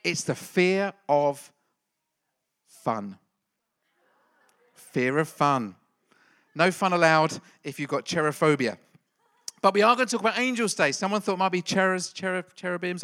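Playful, bright-voiced male pastor. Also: high voice. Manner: playful, jokey, quizzes the congregation. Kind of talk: lively church talk with a quiz.

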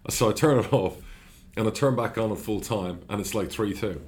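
A middle-aged man, a football club chairman, chatting casually in an interview, blunt and animated, swearing freely as he tells stories. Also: fairly low pitch, normal speed.

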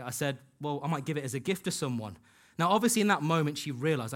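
A man's voice: on the high side, lively intonation, very fast, few pauses. A man preaching a sermon in a church, telling a personal story in an earnest way and acting out the dialogue he quotes. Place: church hall.

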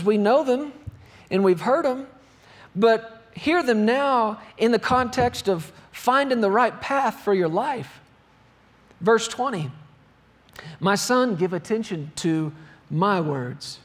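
A man's voice: very high voice, slow pace. A man preaching a sermon, reading scripture aloud and driving points home with emphatic repetition. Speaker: pastor.

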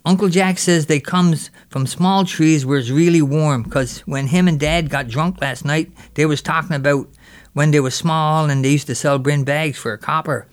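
Brief: a man playing a mischievous boy spinning a yarn, slightly high voice. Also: moderate pace, close to an everyday voice. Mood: boastful. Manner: lively yarn-spinning with local dialect. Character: mischievous boy telling a raiding tale. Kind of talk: character storytelling.

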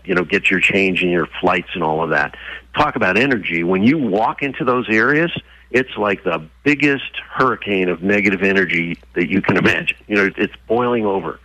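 Brief: man guest, very low voice with a bright, forceful tone, dry close sound, lively storyteller. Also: no echo, rough recording. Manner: animated storyteller who acts out voices. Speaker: guest, author. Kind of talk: interview conversation with storytelling.

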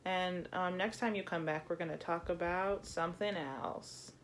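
A woman's voice: lowish voice, steady tone, moderate pace, fairly bright tone. A young woman from Florida co-hosting a podcast, dry and self-mocking, laughing often in casual chat. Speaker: podcast co-host. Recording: faint background noise.

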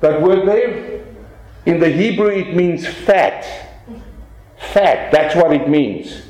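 Man preaching, animated sermon delivery, slightly higher voice, reverberant room, slow emphatic phrasing. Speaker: pastor.

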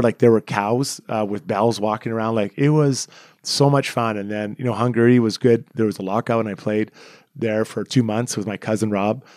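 A Canadian man in his forties tells stories from his playing days at a brisk clip. He is chatty and self-deprecating, and he livens up as he retells a scene. The sound is dry and close, with no room in it. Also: mid-range voice, no echo. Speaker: former hockey player, guest. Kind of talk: casual interview storytelling.

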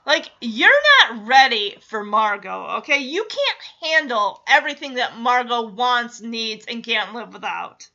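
A woman's voice: fairly high pitch, expressive, measured pace, gravelly, few pauses, sharp tone. A young woman animatedly recapping a TV episode in a gossipy, teasing way, often laughing. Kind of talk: casual chatty episode recap. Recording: dull lo-fi audio.

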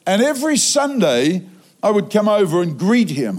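Lively high-voiced preacher. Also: male voice, normal speed. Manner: humorous, animated storytelling with sudden loud outbursts. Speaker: traveling preacher. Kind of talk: sermon. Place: church auditorium.

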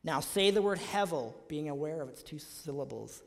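A man's voice: fairly high pitch, animated, normal speed, vocal fry. A man preaching a sermon to his congregation, asking his listeners emphatic rhetorical questions. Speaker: pastor. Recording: long hall reverb.

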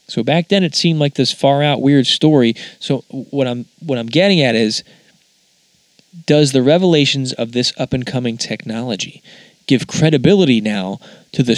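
Man, podcast host, casual musing monologue, mid-pitched voice, dry close sound. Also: dry recording. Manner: musing, conversational, wanders off track.

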